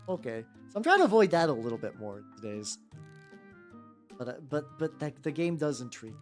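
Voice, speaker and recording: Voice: medium pitch, sing-song, moderate pace, long pauses, faint music behind. A streamer chatting casually while painting miniatures, rambling with lots of "like" fillers and restarts, answering chat as they go.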